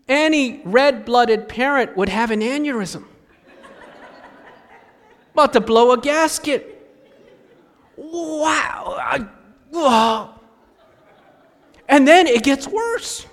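Male pastor, high voice, slow deliberate sermon delivery with acted-out voices, reverberant hall. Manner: animated storytelling, acts out parents' voices.

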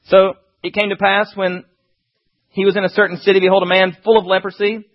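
Preacher, male, very high husky voice, animated delivery, lo-fi sound. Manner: animated, talks fast, voices asides. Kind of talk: sermon with scripture reading.

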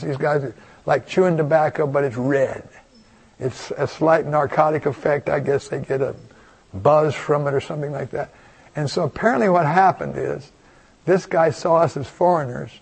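A man's voice: on the high side, vocal fry, darkish tone, slightly rough. An older man preaching a folksy, rambling storytelling sermon, full of asides and restarts.

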